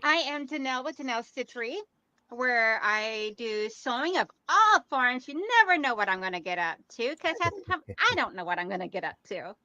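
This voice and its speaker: Chatty high bright woman guest. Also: expressive, brisk, no echo, lo-fi sound. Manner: chatty, laughs easily. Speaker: guest sewist. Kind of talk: casual livestream chat.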